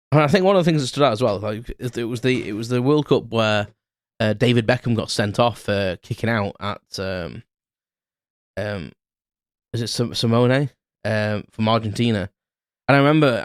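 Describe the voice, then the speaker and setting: Recorded dry at studio quality on a close podcast mic, a British man in his thirties with a fairly low pitch hosts his show and rambles through an off-the-cuff story, restarting often and filling pauses.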